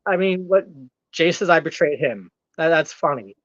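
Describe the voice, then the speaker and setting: This comedic in-character rant comes from a man posing as a cocky heel wrestler on a talk show, taunting and boasting. He speaks at a moderate pace in a fairly high, lively, slightly bright voice. The sound is dry, dull and lo-fi.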